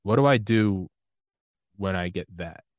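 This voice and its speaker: A US man hosts a casual interview podcast in a deep, expressive voice, speaking a little slowly while rambling, making fun of himself, and laughing often. There's no echo, though the audio sounds dull.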